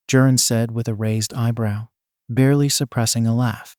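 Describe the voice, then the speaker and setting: A man's voice: medium pitch, moderate pace, a little mellow, no echo, clean studio sound. A man steadily narrating a fan fiction story.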